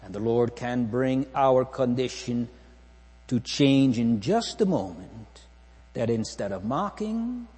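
A man's voice: medium pitch, warm tone, slightly rough, in a large hall. A man preaching a solemn sermon in a church, asking the congregation repeated rhetorical questions.

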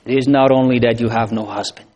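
A man preaching a sermon to a congregation, slow and solemn, building to emphatic pleading phrases. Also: mid-range voice, steady tone, a little mellow.

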